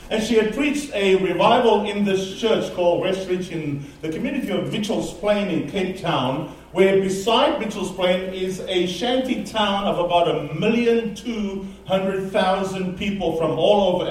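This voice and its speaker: A man preaching a sermon, telling a story with animated, emphatic delivery. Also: sits high. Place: church sanctuary. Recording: very echoey, distant mic in a large room.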